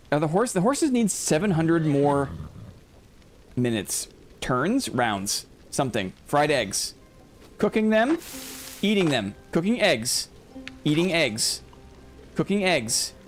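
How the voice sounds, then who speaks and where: Lively, chatty male game streamer. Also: on the high side. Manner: chatty, playful, reads chat aloud. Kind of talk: casual live-stream commentary.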